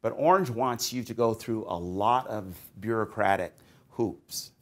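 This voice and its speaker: A man's voice: lowish voice, a little slow. A middle-aged man, a psychology professor, giving a recorded lecture to doctoral students in a conversational, musing way, with swings of emphasis.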